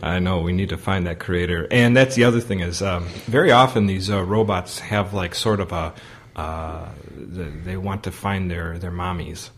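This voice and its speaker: A man with a somewhat low voice co-hosts a casual podcast chat. He rambles through his points, filling gaps with ums and uhs. He laughs easily along the way. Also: a little hiss or hum. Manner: rambling, full of fillers and quick laughs. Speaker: podcast co-host.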